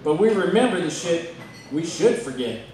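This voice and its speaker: A man from Arizona doing a stand-up comedy set, telling deadpan stories with self-deprecating punchlines. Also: a little high, moderate pace, a little hiss or hum. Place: comedy club stage. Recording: echoey club from a distant mic.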